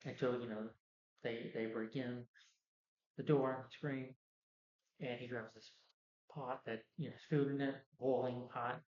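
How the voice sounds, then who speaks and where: A man's voice: mid-range voice, flat delivery, unhurried, pauses often, darkish tone. A man reviewing a movie, retelling the plot in a loose, rambling way full of "you know" and "like". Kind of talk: casual plot recap. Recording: roomy, dull lo-fi sound.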